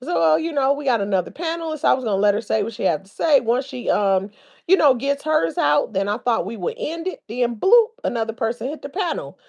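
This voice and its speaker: Woman, livestream host, chatty, higher-pitched, laughs a lot. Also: lively intonation, a little fast, creaky, darkish tone, lo-fi sound. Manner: chatty, laughing often, retelling comments. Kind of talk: casual live-stream chat.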